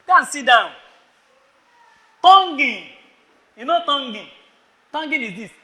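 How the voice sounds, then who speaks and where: A Nigerian man preaching to a crowd of students in an echoey hall. His voice sits very high and sharply bright. He scolds his listeners and fires questions at them. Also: animated, slow pace. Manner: scolding, rhetorical questions, calling on listeners by name. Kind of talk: sermon.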